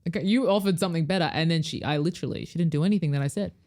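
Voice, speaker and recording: A woman's voice: low-pitched, racing, darkish tone. A woman co-hosting a podcast, chatting casually and laughing often as she acts out her reactions. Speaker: podcast co-host. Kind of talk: casual recap chat.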